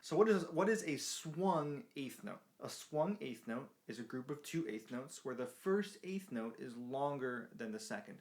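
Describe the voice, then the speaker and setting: A man with a creaky, mid-range voice gives a beginner ukulele lesson, explaining patiently and counting beats out loud as he strums. The ukulele can be heard playing behind his voice.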